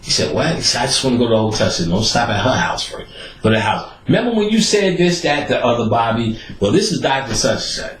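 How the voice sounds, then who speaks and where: A man hosting a podcast, telling stories in a profane, animated way and acting out the people he quotes. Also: medium pitch, quick pace, reverberant, low-quality recording. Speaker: podcast host. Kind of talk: casual storytelling monologue.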